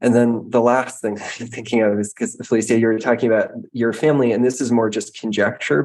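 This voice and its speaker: A man with an ordinary mid-range voice thinks aloud in a conversational interview. He works through his ideas reflectively, pausing on fillers. His delivery is relaxed and unhurried. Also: medium pitch, low-quality recording. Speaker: guest.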